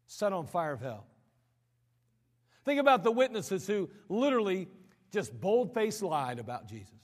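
A man preaching a sermon, swinging between raised emphatic lines and sudden quiet drops, often repeating words as he builds a point. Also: high-pitched, big pitch swings, a little slow. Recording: long hall reverb.

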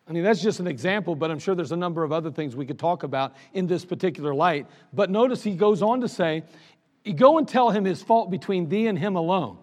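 High-voiced man preaching in a reverberant church. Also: animated, fast talker, a little mellow. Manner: conversational preaching, reads scripture aloud and acts out little scenes. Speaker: pastor. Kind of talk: sermon. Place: church sanctuary. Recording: long reverb of a church sanctuary.

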